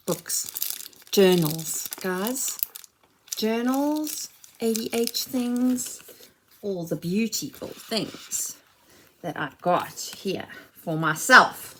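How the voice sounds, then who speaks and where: A woman's voice: mid-range voice, animated, takes it slowly, long pauses, sharp tone, slight background noise. A mother chatting casually as she unboxes a shopping haul, gushing and exclaiming over each item.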